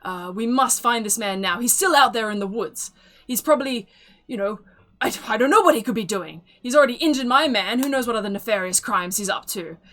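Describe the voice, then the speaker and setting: A woman's voice: a little high, expressive, fairly quick, fairly bright tone. Woman doing a stern, indignant elf woman. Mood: insistent. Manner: indignant, insistent, rising outbursts. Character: stern indignant elven woman, accusing and pushy.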